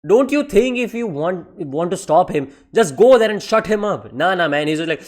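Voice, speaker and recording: In a laid-back manga review vlog, a man with a slightly high voice talks at a moderate pace with few pauses. He's excitable and foul-mouthed, says "man" in almost every sentence, and mocks things in put-on voices.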